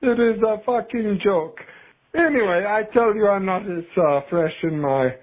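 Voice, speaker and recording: High-voiced male caller on a phone line. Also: lively intonation, moderate pace. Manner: profane, rambling, breaks into high shouted yelps. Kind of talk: casual phoned-in rant.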